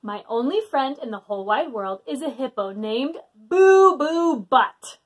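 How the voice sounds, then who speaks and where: A woman's voice: a little high, expressive, moderate pace. A woman reading a book aloud to children at a library storytime, playful and full of mock protest as she goes.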